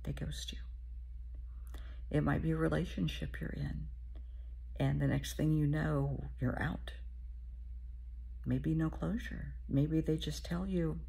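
A low-pitched, deeply gravelly woman speaks as a therapist giving a motivational talk. Her voice is very husky and breathy, often dropping to a half-whisper. She is middle-aged and addresses the listener as honey. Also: steady tone, a little slow, dark tone.

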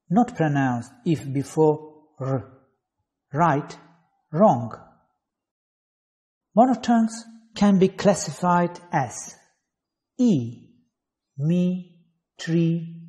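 A man's voice: on the high side, warm tone. A man from Azerbaijan, an English teacher reading letters and example words one at a time in an online phonetics lesson.

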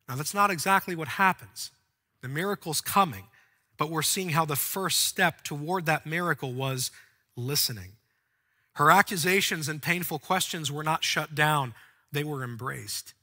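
A man preaching a sermon as pastor of a church, swinging from quiet, soft passages up to fervent, near-shouting peaks. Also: on the high side, moderate pace. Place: large church auditorium. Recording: long hall reverb.

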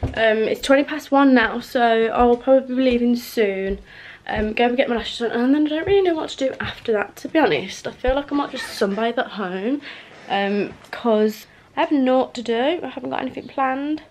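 A woman's voice: fairly high pitch, moderate pace, a little mellow, a little hiss or hum. A young woman, chatting casually to camera in a rambling home vlog. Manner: chatty, rambling, drops to a near whisper at times. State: out of breath. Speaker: vlogger. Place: home, indoors.

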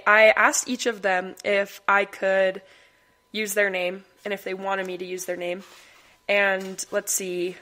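A woman's voice: medium pitch, fairly bright tone. A young woman hosting her own podcast, talking casually and rambling, often breaking into laughter. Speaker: podcast host. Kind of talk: casual solo podcast monologue.

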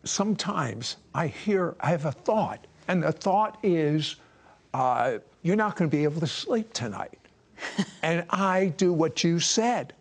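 A man's voice: fairly high pitch, lively intonation, a little slow. A man hosting a Christian talk show, asking his guest questions in a chatty way and laughing easily.

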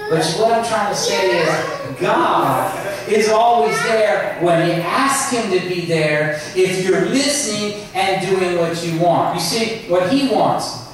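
A pastor preaching a sermon with emphasis, drawing out some phrases slowly. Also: male voice, high-pitched, animated, a crowd in the background. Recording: echoey hall, mic far off.

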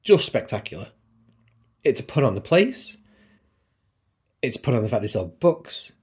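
In a chatty book vlog made at home by his computer, a man wanders off topic and teases himself. His mid-range voice swings widely in pitch at a moderate pace, husky and a little mellow.

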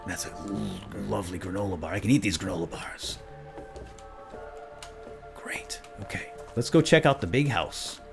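Excitable deep-voiced man narrating gameplay. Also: moderate pace, creaky, long pauses, music in the background. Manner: excitable, jumps to loud yelps; drops to whispers when sneaking. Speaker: gaming video host. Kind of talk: role-play gameplay commentary.

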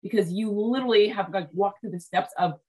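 A woman's voice: medium pitch, warm tone, husky. Enthusiastic woman hosting an interview. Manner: enthusiastic, talks at length with quick restarts. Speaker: host. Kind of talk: casual interview chat.

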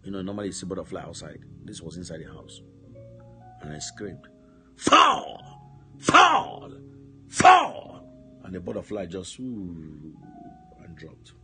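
Man, preacher, very low voice, sermon storytelling, shouted commands, faint instrumental music underneath. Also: fairly quick.

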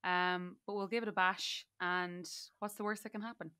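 A woman's voice: on the low side, fairly even intonation, moderate pace, bright, forceful tone, smooth. An Irish woman in her twenties hosting a podcast, playful and giggly as she interviews her older sister. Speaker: podcast host. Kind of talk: casual interview chat.

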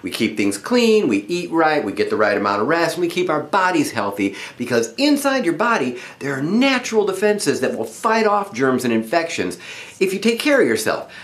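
A middle-aged man reads a picture book aloud to children. His voice swoops widely up and down, and his delivery stays friendly and expressive. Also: on the high side, normal speed, reverberant. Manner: animated and friendly.

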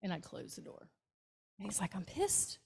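A woman's voice: fairly low pitch, expressive, normal speed, vocal fry, breathy edge. Southern woman telling hospice stories. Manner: warm anecdotal storytelling with acted quotes. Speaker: hospice nurse speaker. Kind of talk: storytelling talk to a club. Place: meeting room, hybrid meeting.

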